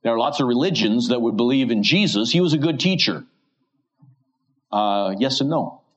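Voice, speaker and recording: A man delivering an expository sermon, slowing down as he reads scripture aloud and posing questions to his listeners. His voice sits at a middling pitch. The recording sounds a little muffled and lo-fi. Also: animated. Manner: reads scripture slowly and deliberately, asks rhetorical questions. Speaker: preacher.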